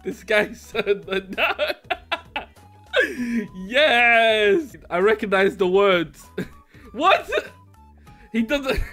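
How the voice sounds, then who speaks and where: Male gamer host, high voice, slow easy delivery, keeps breaking into giggles. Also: fairly bright tone. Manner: giggly, laughs through his lines. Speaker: YouTuber playing a game. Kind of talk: casual gameplay commentary.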